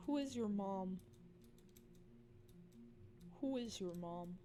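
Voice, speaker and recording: Goofy, unhurried woman streamer. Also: animated, over music. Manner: goofy and playful, giggly, with sudden squeaky cries and mock whispers. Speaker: livestreamer. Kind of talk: casual live-stream chatter while gaming.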